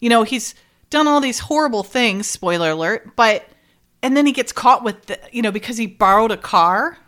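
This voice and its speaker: A woman's voice: a little high, moderate pace. A woman hosting a casual podcast chat, retelling a show's plot with acted-out dialogue and frequent laughter. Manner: animated retelling, acts out dialogue, laughs often. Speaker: podcast host recapping a TV episode.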